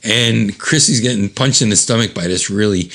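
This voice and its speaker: A man hosting a show, reading a comic book aloud with commentary, jumping into high character voices and chuckling at the jokes. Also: normal speed, a bit bright. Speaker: host.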